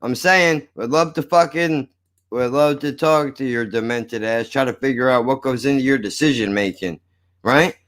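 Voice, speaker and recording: A man's voice: mid-range voice, normal speed, fairly bright tone. A man hosting a podcast, rambling and joking with heavy swearing. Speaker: podcast host. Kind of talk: casual podcast banter.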